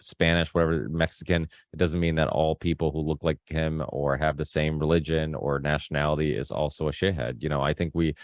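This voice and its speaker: A podcast host talks through a story in a loose, rambling way, stopping and restarting often. The sound is close and dry. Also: male voice, extremely low pitch, level tone, fairly quick, few pauses, no room sound. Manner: rambling, with many restarts and fillers; acts out quoted people in a raised voice. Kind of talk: casual podcast chat.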